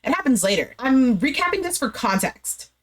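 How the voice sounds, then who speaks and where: A woman's voice: sits high, big pitch swings, normal speed. A woman giving a chatty, opinionated recap of a reality show, full of slang and fillers. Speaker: recap vlogger.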